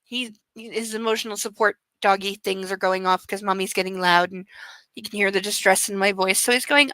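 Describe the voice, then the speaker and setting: A woman's voice: mid-range voice, fairly even intonation, a little fast, pushed and bright, dry recording, low-quality recording. A young adult woman streaming a book reading, breaking in with sarcastic, emphatic commentary. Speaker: livestream host reading aloud.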